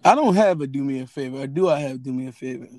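A man co-hosting a casual podcast chat, talking in an animated way with laughs and teasing asides. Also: mid-range voice, quick pace, no room sound. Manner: animated, laughing, mocking impressions. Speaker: podcast co-host.

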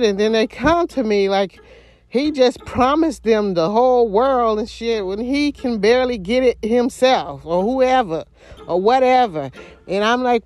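A woman's voice: a little high, lively intonation, measured pace, darkish tone. A woman in a casual monologue rant, blunt, heavily profane, rambling and repeating herself.

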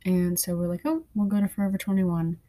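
A woman's voice: fairly low pitch, fairly even intonation, fairly quick, dark tone, a little hiss or hum. Chatty young woman telling a story. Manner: chatty storyteller, swears freely. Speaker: podcast co-host. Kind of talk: casual chat.

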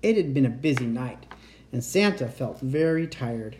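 A man reading a children's picture book aloud as a bedtime storyteller, expressive and animated. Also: mid-range voice, normal speed, slight background noise.

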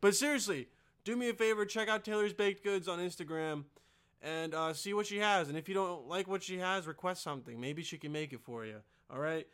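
A man hosting a podcast, doing a rowdy, profane comedic ad read with sudden loud outbursts. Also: high-pitched, fairly quick, clean tone. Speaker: podcast host.

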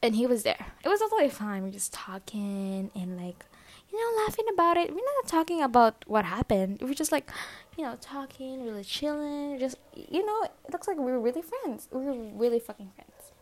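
A woman's voice: high voice, sing-song, normal speed. A young adult woman telling a personal story in casual chat, swearing often, leaning on fillers and sometimes dropping to a whisper.

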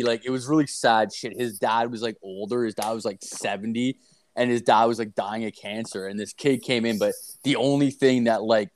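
A man's voice: mid-range voice, no room sound. A man co-hosting a podcast, telling crude rambling anecdotes in casual chat, swearing a lot. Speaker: podcast co-host.

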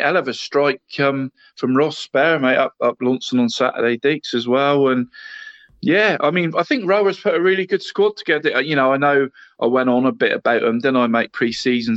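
A man's voice: medium pitch, fairly bright tone, no room sound. A man, co-hosting a casual football podcast and rambling along, calling his friend "mate" in nearly every sentence. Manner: rambling, says "mate" constantly, laughs often. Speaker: podcast co-host. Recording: dull, dry sound.

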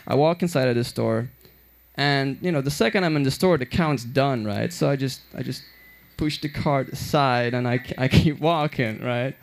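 A young Belgian man, a stand-up comedian, tells his stories on stage in a loose, meandering style, packed with fillers and restarts. His voice is medium-pitched with vocal fry, and his pace is moderate.

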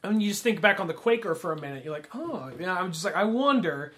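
A man's voice: high-pitched, expressive, quick pace, a bit bright. A man co-hosting a podcast, casually retelling movie scenes and acting out the characters' lines. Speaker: podcast co-host. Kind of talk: casual film discussion.

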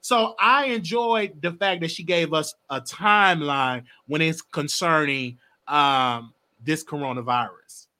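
High, bright-voiced man ranting animatedly. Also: measured pace, few pauses. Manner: animated, emphatic, swears. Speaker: host of a live stream. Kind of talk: casual political commentary.

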